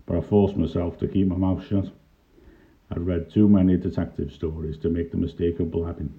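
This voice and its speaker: Older man, low voice, wry storytelling. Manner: wry, dry humour. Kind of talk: reminiscing first-person story narration. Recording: tinny lo-fi narrow-band recording.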